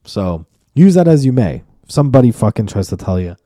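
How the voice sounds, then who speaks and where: A man's voice: medium pitch, sing-song, fairly quick, mellow, no echo, studio quality. A man hosting his own podcast in a casual, profane, rambling solo monologue that turns mock-preachy. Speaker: podcast host and comedian.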